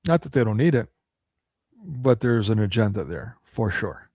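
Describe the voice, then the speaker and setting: Gravelly man ranting indignantly. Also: on the low side, sing-song, moderate pace, darkish tone, dry recording. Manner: indignant, full of rhetorical questions. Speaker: political commentary vlogger. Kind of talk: ranting monologue commentary.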